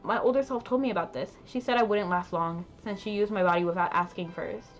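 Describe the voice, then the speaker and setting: A woman's voice: medium pitch, brisk, dull audio, soft background music, close to an everyday voice. Woman doing a chatty innocent little girl. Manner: light, bouncy, bright lilt. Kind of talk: reading game dialogue aloud.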